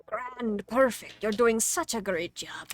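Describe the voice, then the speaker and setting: A woman's voice: a little high, takes it slowly, slight background noise, pitched above the performer's own voice. A woman voicing a cheerful, encouraging male game character in a vague put-on accent.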